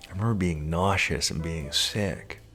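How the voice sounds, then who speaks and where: A man in his late thirties telling a personal story in a lively, animated way, acting out the voices of the people in it. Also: sits low, normal speed, soft background music. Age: 30s. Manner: animated, acts out quoted voices. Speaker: storyteller recounting his life.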